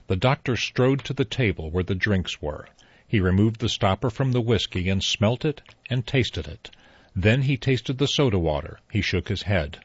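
Low, husky male audiobook narrator. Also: animated, dry recording. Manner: measured storytelling. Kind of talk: scripted narration. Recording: dull lo-fi audiobook recording.

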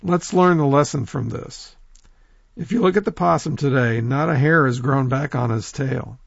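A man telling a folk tale in a lively oral storytelling manner, talking straight to his listeners. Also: mid-range voice, moderate pace, creaky, slightly rough, no echo, highs cut off. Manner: lively, animated, addresses listeners directly.

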